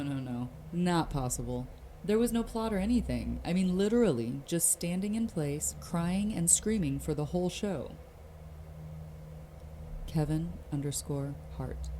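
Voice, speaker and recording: A woman reading forum posts aloud in slow, somber horror story narration. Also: deep voice, mellow, a little hiss or hum.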